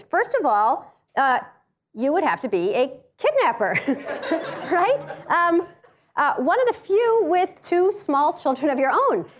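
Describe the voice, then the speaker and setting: A middle-aged woman gives a funny talk, her high voice swooping all over as she tells stories. She jokes freely and acts out other people's voices, pacing as she speaks. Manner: paces while speaking. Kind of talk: humorous storytelling talk.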